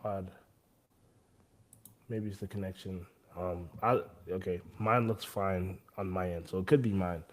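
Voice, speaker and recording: Low-voiced relaxed man on a call. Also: measured pace. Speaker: co-host. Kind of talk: casual chat on a video call. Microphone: video call.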